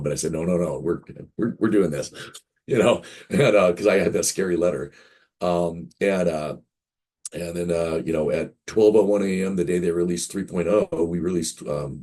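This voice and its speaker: He has a low voice, dark in tone with a breathy edge. A game publisher in his fifties, he's being interviewed and drifts through casual stories, playing out quoted conversations as he goes.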